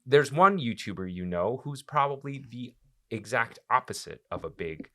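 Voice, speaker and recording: Bright-voiced joking podcast host man. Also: mid-range voice, animated, moderate pace. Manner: joking, teasing, upbeat. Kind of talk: casual chat.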